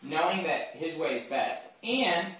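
A man's voice: on the high side, expressive, unhurried, fairly bright tone. A man giving a conversational Bible talk to a campus group, often checking in with his listeners. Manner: informal, keeps checking in with listeners. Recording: very echoey room, mic far off.

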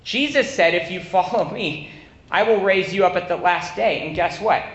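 High-voiced young preacher in an echoey room. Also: male voice, moderate pace. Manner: energetic, asks the audience "right?" often. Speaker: campus minister preaching. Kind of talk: sermon. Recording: echoey room, slightly dull sound.

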